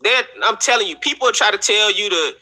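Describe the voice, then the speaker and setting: Bright-voiced laid-back comedian host. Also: male voice, sits high, a little fast. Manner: laid-back, encouraging, laughs often. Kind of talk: casual chat. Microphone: video call.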